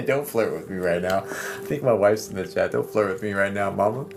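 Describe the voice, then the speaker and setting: A man's voice: on the low side, a little slow, creaky. A man speaking as a psychic medium on a casual livestream, rambling and chatty with many fillers and laughs. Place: home livestream setup. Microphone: streaming mic. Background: soft background music.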